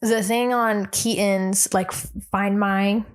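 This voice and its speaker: A young woman co-hosting a podcast, telling a story in a casual, animated way, filling it with likes and ums and acting out what people said. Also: medium pitch, slow, clean tone. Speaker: podcast co-host.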